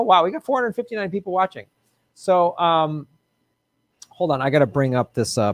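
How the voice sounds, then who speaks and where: A man's voice: a little high, no echo. A man with a nasal Midwestern American accent hosting a casual live stream, wry and joking as he reads viewer comments. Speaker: host.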